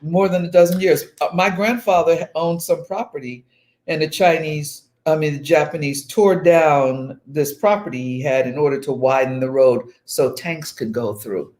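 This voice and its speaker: A woman's voice: deep voice, normal speed, darkish tone. Older woman cohost, casual chat, tells stories, dry humor. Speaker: co-host, mother.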